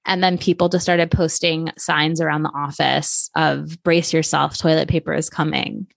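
A woman's voice: deep voice, fairly even intonation, vocal fry, dry recording, studio quality. A woman co-hosting a podcast, making wry jokes in casual chat about a film. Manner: wry, jokey, quick with teasing asides. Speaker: podcast co-host.

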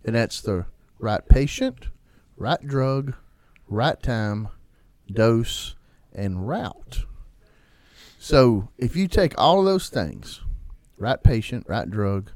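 A man's voice: takes it slowly, no echo. A man co-hosting a casual podcast, teasing his partner in a playful way. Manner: playful, teasing, animated pitch swings. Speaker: podcast co-host.

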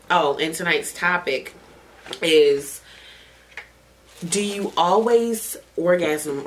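A woman hosting a casual podcast chat, gushing with excitement and swearing freely. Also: on the low side, low-quality recording. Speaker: podcast host.

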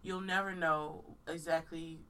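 A congested woman co-hosts a casual podcast, talking frankly and with emphasis. Her voice sits fairly low and a little away from the microphone. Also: fairly even intonation, a little slow, bright, forceful tone, far from the mic. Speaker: podcast co-host.

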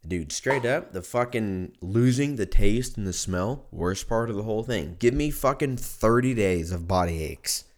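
Deep-voiced drunk, congested man rambling. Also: animated, unhurried, hardly any pauses. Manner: rambling and profane. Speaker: podcast host. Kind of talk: casual solo monologue. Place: at home.

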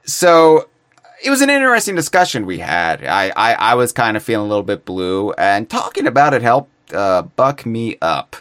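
A man's voice: on the low side, big pitch swings, moderate pace, fairly bright tone, smooth, no room sound. A man co-hosting a casual podcast chat, playful and theatrical, with mock-grand phrasing. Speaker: podcast co-host.

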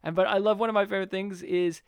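A man co-hosting a casual film podcast, animated, acting out scenes in put-on voices. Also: sits high, fast, clear, resonant tone, dry recording, studio quality. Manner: animated, acts out movie lines in put-on voices. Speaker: podcast co-host.

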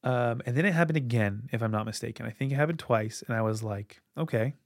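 A man's voice: medium pitch, fast talker, no echo, clean studio sound. A man hosting a podcast, telling long stories in casual chat with plenty of fillers and restarts. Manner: rambling, filler-heavy storytelling. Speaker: podcast host.

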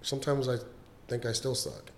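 A man's voice: medium pitch, very animated, a little fast, creaky, reverberant, slight background noise. A stand-up comedian chatting casually and emphatically about his craft. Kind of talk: casual chat.

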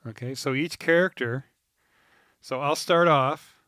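A man in a relaxed podcast conversation, talking at an ordinary middle pitch. He wanders through his notes with frequent ums and restarts, and swears casually. The sound is close and dry. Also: a little slow, dry recording. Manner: rambling, reads from notes with many ums; laid-back and profane. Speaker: podcast co-host. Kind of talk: casual chat.

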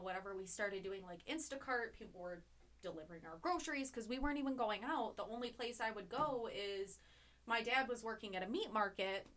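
Loud, bright-voiced woman podcast co-host. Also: mid-range voice, distant mic. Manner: loud, swears freely, laughs often. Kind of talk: casual chat.

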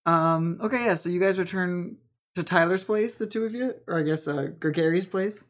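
A woman's voice: on the low side, normal speed. A woman running a tabletop role-play game as game master, narrating casually with many fillers.

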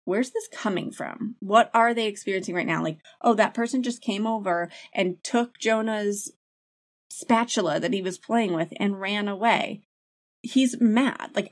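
A woman in her thirties, an early childhood educator, speaking candidly as an interview guest and telling lively stories with many "like" fillers. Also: medium pitch. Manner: candid, animated storyteller who uses many "like" fillers. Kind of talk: casual interview talk.

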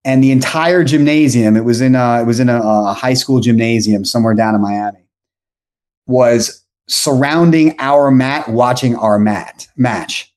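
A man's voice: mid-range voice, a little slow, darkish tone. A man in his forties from South Florida, a podcast guest telling a long story casually, rambling and correcting himself as he goes.

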